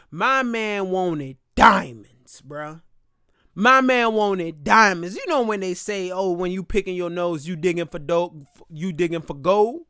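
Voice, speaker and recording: A young man telling a comic story in an animated, exaggerated, slang-heavy way with dramatic pauses. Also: sits high, clear, resonant tone, no echo, clean studio sound. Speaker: comedian vlogger.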